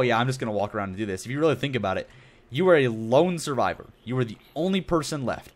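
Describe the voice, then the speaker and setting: A young man streaming a building game, chatting in a rambling, self-deprecating way with lots of asides. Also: mid-range voice. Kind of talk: casual gameplay commentary.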